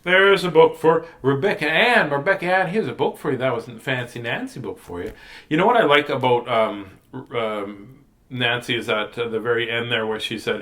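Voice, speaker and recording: A man's voice: mid-range voice, moderate pace, fairly bright tone. A man hosting a children's storytime, reading picture books and chatting in a playful, silly, joking way. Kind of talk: storytime reading and rambling chat.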